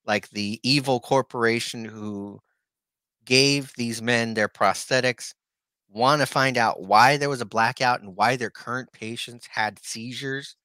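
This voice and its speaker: Bright-voiced laid-back man. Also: mid-range voice, measured pace, dry recording. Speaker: podcast co-host. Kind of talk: casual comic book discussion.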